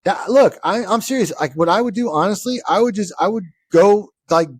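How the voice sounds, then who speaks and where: A man's voice: high voice, lively intonation, brisk, husky, no echo. A man co-hosting a casual chat show, telling stories in a profane, mock-pompous, teasing way. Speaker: podcast co-host.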